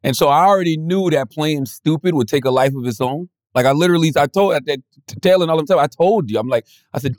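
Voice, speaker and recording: A man co-hosting a podcast in casual chat, playful and quick to laugh, rambling through restarts. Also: on the high side, no room sound, studio quality. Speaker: podcast co-host.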